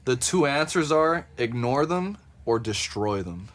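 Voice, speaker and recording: A man's voice: medium pitch, animated, measured pace. A man co-hosting a podcast in casual chat, cursing freely and reading quotes aloud with a laid-back, amused delivery. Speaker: podcast co-host.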